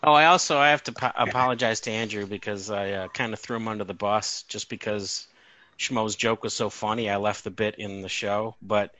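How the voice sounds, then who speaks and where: A man's voice: on the low side, fairly even intonation, a little fast, bright, forceful tone, poor audio. A man hosting a podcast, chatting casually over a video call and often correcting himself as he talks. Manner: rambling, self-correcting. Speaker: podcast host. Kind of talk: casual chat.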